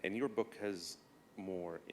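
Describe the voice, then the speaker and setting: A man from the audience asking a question at a talk, halting and searching for his words. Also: sits low, a little hiss or hum.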